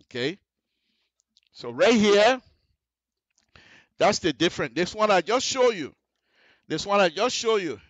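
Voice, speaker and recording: On a radio show, a man teaches road construction and design from the studio, walking listeners through the details and often asking things like "you see the difference?" to make sure they follow. His voice sits high and animated at a moderate pace, with a fairly bright tone and no room sound.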